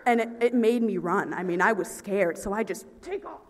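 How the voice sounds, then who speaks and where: A woman's voice: medium pitch, normal speed, crowd noise. A teenage girl performing a stand-up comedy set, telling self-mocking stories and acting out her own quoted lines. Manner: animated, self-mocking storytelling with acted-out quotes. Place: stage in a hall with a live audience. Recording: long hall reverb.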